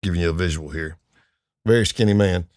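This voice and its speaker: A retired FBI undercover agent, middle-aged, guests on a podcast and tells crime stories in an easygoing manner peppered with fillers and chuckles. His low voice is brisk and a little mellow. The sound from the podcast studio is clean, with no echo.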